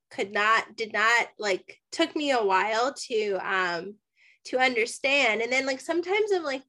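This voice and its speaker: Chatty woman telling a story. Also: a little high. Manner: animated, acts out dialogue, many "like" fillers. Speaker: podcast guest. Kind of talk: casual storytelling chat.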